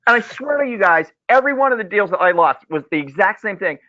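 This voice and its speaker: A fairly high-voiced man coaches loan officers in a webinar, telling lively stories and repeating his key points for emphasis. The sound is dry and squeezed, like a phone line. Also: fast, no echo. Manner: animated storyteller, repeats key phrases. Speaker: mortgage loan officer presenter. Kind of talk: webinar sales coaching talk.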